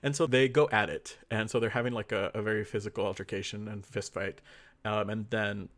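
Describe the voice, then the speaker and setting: A man's voice: fairly low pitch, steady tone, a little fast. A man co-hosting a podcast, casually recapping a story with laughter and acting out the characters' lines. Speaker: podcast co-host.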